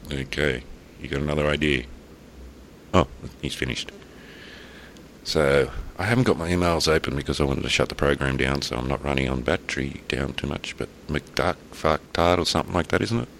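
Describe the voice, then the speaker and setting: A man's voice: very deep voice, brisk, creaky, a bit bright, a little hiss or hum. An Australian man co-hosting a podcast, rambling in an easygoing, casual chat. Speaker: podcast co-host.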